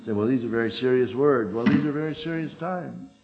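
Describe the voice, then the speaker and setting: An older man preaching a sermon, telling stories with emphatic swings between loud urgent peaks and low quiet asides. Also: fairly quick, vocal fry, soft background music. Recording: dull lo-fi recording.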